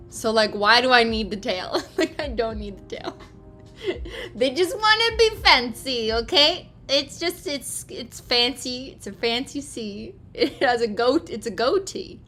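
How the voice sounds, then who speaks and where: A woman hosts a relaxed livestream, chatting at an unhurried pace. She swears freely and breaks into laughter often. Faint music plays under her voice. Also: mid-range voice. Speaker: livestream host. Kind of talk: casual livestream chat.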